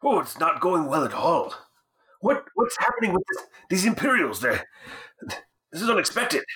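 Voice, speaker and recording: A man's voice: high voice, sing-song, moderate pace, sharp tone. A man playing a tabletop game, asking questions in character in a playful, inquisitive way. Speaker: player. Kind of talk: tabletop role-play.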